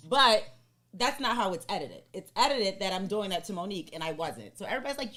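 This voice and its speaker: A woman co-hosting a podcast, telling a story in a blunt, profane, animated way. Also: mid-range voice, quick pace. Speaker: podcast co-host. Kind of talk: casual podcast chat.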